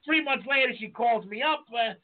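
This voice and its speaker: High-voiced profane New man. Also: normal speed. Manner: profane, animated storyteller. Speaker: podcast co-host. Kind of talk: casual chat, storytelling. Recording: phone-like lo-fi audio.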